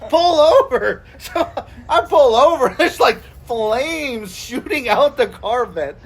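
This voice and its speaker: A woman in her forties, co-hosting a podcast, telling a story in casual chat, animated and freely swearing. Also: on the high side, takes it slowly, a little hiss or hum. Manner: animated, acts out quoted voices, swears freely. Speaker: podcast co-host.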